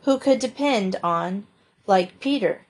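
A woman voicing an energetic young boy fond of proverbs. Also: mid-range voice, takes it slowly.

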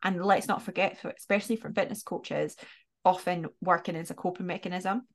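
A woman's voice: fairly low pitch, steady tone, fairly quick. Woman coach chatting on a podcast, thoughtful, keeps restarting her sentences. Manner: reflective, thoughtful, with many restarts. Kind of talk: casual podcast chat.

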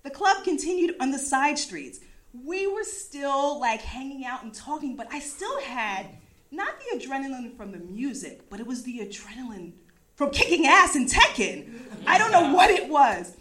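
With a high-pitched voice at normal speed, a woman from America's East Coast shares a personal anecdote. Her delivery is relaxed and energetic, full of laughs and liberal profanity.

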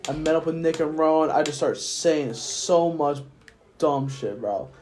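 A man's voice: on the high side, measured pace, darkish tone. A drunk young man rambling through a profane story on a casual podcast. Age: young adult. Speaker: podcast host. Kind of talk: casual chat.

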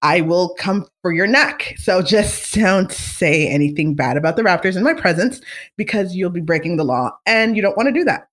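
A woman hosting a casual talk show, chatting in an animated, opinionated way with many fillers and asides. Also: lowish voice, moderate pace. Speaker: podcast host. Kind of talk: casual chat.

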